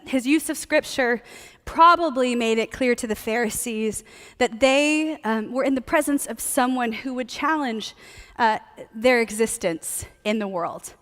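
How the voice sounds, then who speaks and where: A woman's voice: fairly high pitch, a bit bright. A woman preaching a sermon in a casual, playful, conversational teaching manner. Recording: long hall reverb.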